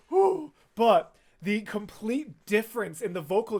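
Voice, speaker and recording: A man's voice: big pitch swings, slow pace, vocal fry, long pauses, darkish tone. Gushing male music reactor. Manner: gushing, talkative, breaks into sung snippets and falsetto. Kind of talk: excited musical reaction and analysis.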